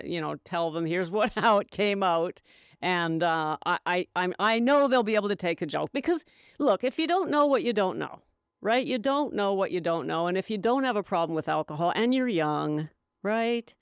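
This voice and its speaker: Woman, middle-aged, podcast host, sarcastic, giggly, smooth voice, dry close sound. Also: medium pitch, no echo. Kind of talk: casual sobriety talk.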